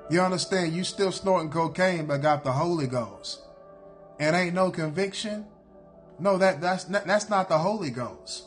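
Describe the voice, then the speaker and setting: A man's voice: sits high, moderate pace, soft background music. A man preaching a sermon in a blunt, repetitive cadence, hammering his points again and again.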